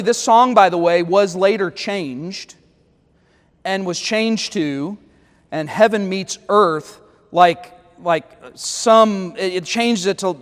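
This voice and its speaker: High-voiced man teaching with wry asides. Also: long reverb tail. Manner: wry, critical, reads lyrics aloud with sarcastic asides. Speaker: pastor leading Bible study. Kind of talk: Bible study teaching. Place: church.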